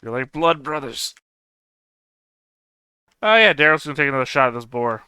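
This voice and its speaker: A man's voice: fairly high pitch, animated, normal speed, bright, forceful tone, smooth, no room sound. A man playing a tabletop game, joking wryly about his character and the others. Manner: wry, joking. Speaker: player.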